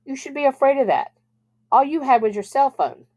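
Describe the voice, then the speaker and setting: A woman's voice: sits high, very animated, brisk, a little mellow, pitched above the performer's own voice, full character voice. A woman reading aloud, voicing an earnest, level-headed teenage boy in a storybook. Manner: earnest, matter-of-fact.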